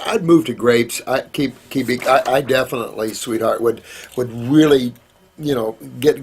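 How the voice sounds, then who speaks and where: A middle-aged man answers viewer questions in a loose, rambling, folksy manner, calling people sweetheart. His voice is gravelly with a husky edge, at an ordinary pitch for a man. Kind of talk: casual live Q&A.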